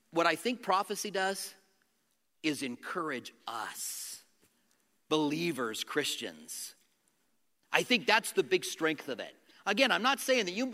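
Bright-voiced man preaching in a hall. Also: on the high side. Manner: animated preaching with acted-out quotes and rhetorical questions. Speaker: pastor. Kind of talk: sermon.

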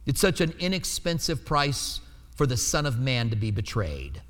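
A man's voice: medium pitch, big pitch swings, normal speed, a bit bright. A man preaching a teaching sermon in a conversational way, checking in with his listeners as he goes. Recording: long hall reverb.

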